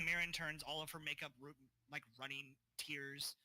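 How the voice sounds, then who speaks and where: A man's voice: fairly high pitch, fairly even intonation, a little slow, sharp tone, dry recording, poor audio. A man narrating as game master of a tabletop game, casual and loose.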